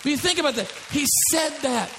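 High-voiced guy preaching in church, punchy, keeps hammering rhetorical questions. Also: expressive, brisk, gravelly, a bit bright, a faint crowd, a little hiss or hum. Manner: emphatic, with repeated rhetorical questions. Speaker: pastor. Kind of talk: sermon.

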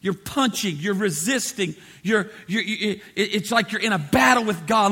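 A man with a high, bright voice preaching a sermon. He hammers his points with repeated phrases and slips into acted-out quotes of the people he describes. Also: lively intonation, normal speed, hardly any pauses, breathy edge. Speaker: pastor.

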